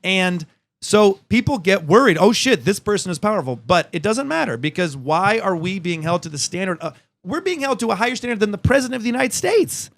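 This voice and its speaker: A male comedian tells stories on a podcast in a high, very lively voice that jumps all over his range. His delivery is animated and peppered with swearing. The sound is dry and close to the mic. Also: fairly quick, creaky, no room sound. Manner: animated storyteller, swears freely. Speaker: guest comedian. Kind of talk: casual podcast chat.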